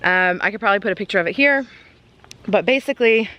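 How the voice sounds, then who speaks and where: A woman's voice: mid-range voice, quick pace, sharp tone, a little hiss or hum. A woman giving a casual tour of her garden, chatty and rambling, with ums and self-corrections, a little out of breath. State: out of breath from walking fast. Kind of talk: casual walking tour chat. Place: outdoors in a garden.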